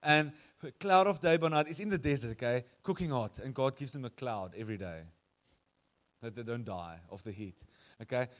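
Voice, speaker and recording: A man's voice: medium pitch, normal speed. A man with a South African accent preaching a sermon as pastor, telling the story conversationally and acting out quoted voices.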